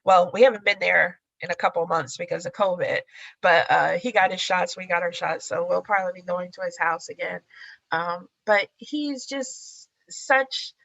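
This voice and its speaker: A woman artist giving a casual guest talk, animated and acting out the dialogue in her stories. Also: fairly low pitch, normal speed, gravelly, dry recording. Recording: dull lo-fi sound.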